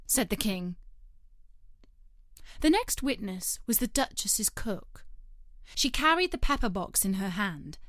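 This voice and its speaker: A woman narrating a storybook in a gentle, unhurried manner. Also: medium pitch, no room sound, studio quality.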